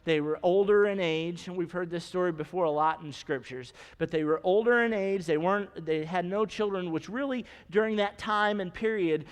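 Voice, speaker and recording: A man preaching a sermon from a church sanctuary, speaking conversationally and putting questions to the congregation. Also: sits high. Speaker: pastor. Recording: long church reverb.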